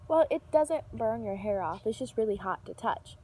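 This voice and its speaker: A woman's voice: a little high, normal speed, husky. A young woman telling a casual storytime vlog, rambling with fillers and restarts, swearing freely. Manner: animated, yells when reenacting an argument.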